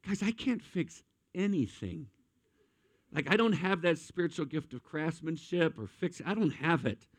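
A man's voice: a little high, lively intonation, measured pace, no echo. A middle-aged man, a pastor, preaching a sermon with humorous, self-deprecating stories.

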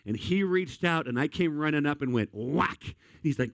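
A male pastor telling lively, funny stories during a sermon. His voice sits fairly high for a man and sounds close and dry. He moves quickly between jokes and earnest points. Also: dry recording. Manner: animated comic storytelling.

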